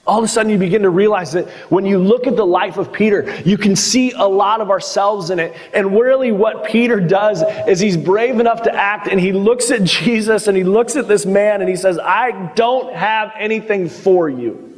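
A man's voice: sits high, a little fast, hardly any pauses. A male pastor giving a conversational sermon and acting out the quotes in the story. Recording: long hall reverb.

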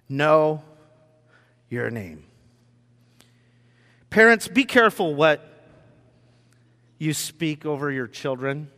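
A man pastor preaching a sermon in a room with whiteboards, telling the story in an animated way and acting out the scenes. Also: fairly high pitch. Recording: long reverb in a hall.

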